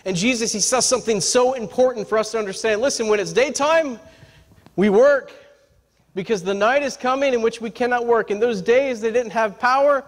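A male pastor with a high voice delivers a lively, humorous sermon, often stopping to ask his congregation for an "amen". His voice carries a long reverb from a large church sanctuary. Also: a little fast. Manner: lively, talks straight to the congregation with repeated "amen?" and "right?"; humorous, folksy storytelling.

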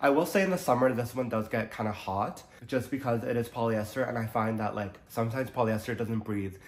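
A man's voice: mid-range voice, brisk. A young man vlogging about fashion in a casual, chatty way, his voice nasal from allergies and full of "like" fillers. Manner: chatty, many "like" fillers, upbeat. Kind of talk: casual chat to camera. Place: Toronto.

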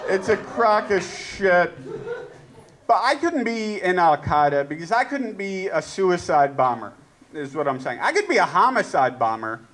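A male stand-up comedian performing a live set, ranting and sarcastic, jumping between loud outbursts and low mutters. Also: big pitch swings, measured pace, a crowd in the background. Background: audience laughter.

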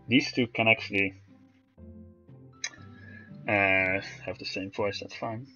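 A man's voice: on the low side, fairly even intonation, slow, pauses often, bright, forceful tone, highs cut off, faint music behind. A man streaming a game, chatting and teasing friends in casual commentary. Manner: joking, teasing banter.

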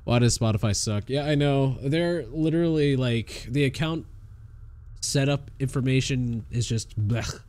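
A young man giving excitable live gameplay commentary, swearing and laughing as he reacts. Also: medium pitch, a little slow. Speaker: streamer.

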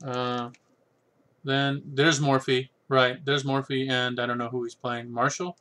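A man's voice: medium pitch, level tone, measured pace, fairly bright tone. A man hosting a casual vlog, rambling through a bookshelf tour with many fillers and asides. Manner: rambling, filler-heavy, thinking aloud. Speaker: channel host.

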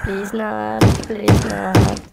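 Little pig, squealing high and loud, terrified, screaming, noisy home recording. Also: male voice, flat delivery, extremely slow, gravelly, exaggerated voice. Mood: screaming panic. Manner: screaming, pleading. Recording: loud background noise.

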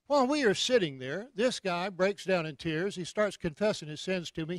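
A man preaching, telling anecdotes with lively delivery and repeated punchlines. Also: high voice, normal speed, hardly any pauses, dry recording. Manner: animated storyteller, repeats punchlines. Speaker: guest preacher. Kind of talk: anecdotal sermon. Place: church.

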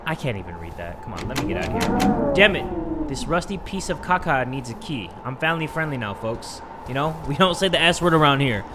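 A young man doing let's-play commentary, excitable and jokey, shouting when scared. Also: fairly high pitch, a little fast, heavy background noise. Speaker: gaming YouTuber. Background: game music.

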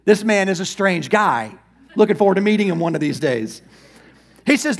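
Man, pastor, animated sermon, high voice, acts out quick asides. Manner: lively preaching, acts out Bible figures in quick asides.

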